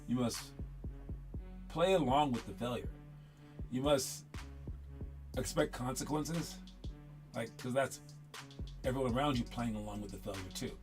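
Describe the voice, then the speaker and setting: A man's voice: mid-range voice, a little slow, long pauses, over music. A man coaching young basketball players in casual, rambling talk that often repeats itself. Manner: rambling, upbeat, repeats himself.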